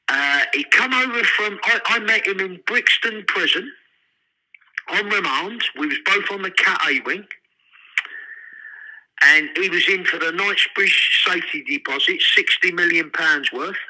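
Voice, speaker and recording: An older man, telling profane, animated prison stories in an interview. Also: high-pitched, rough recording. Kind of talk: storytelling.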